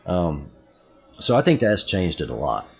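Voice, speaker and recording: Husky low-voiced Southern man. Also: unhurried, soft background music. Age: middle-aged. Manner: rambling, lively storytelling with many asides. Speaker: podcast co-host. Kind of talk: casual chat.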